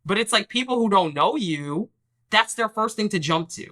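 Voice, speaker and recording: Lively, bright-voiced woman recapping reality TV. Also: medium pitch, normal speed. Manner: emphatic, sassy, acts out the people she quotes. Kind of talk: casual recap commentary.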